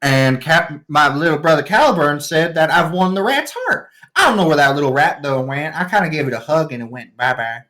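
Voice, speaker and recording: A woman's voice: low voice, lively intonation, fairly quick, hardly any pauses, a bit bright. A woman narrating as game master of a tabletop game, chatty and giggly.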